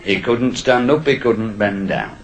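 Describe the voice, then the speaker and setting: A man's voice: fairly low pitch, animated, measured pace. An older man telling comic anecdotes as an after-dinner speaker, a wry raconteur who chuckles at his own stories. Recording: noisy live recording.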